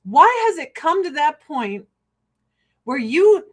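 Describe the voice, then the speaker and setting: A woman's voice: high voice, very animated, slow. An American woman hosting a casual livestream, talking bluntly and swearing freely while she laughs often and sells skincare. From United States. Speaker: livestream host selling skincare.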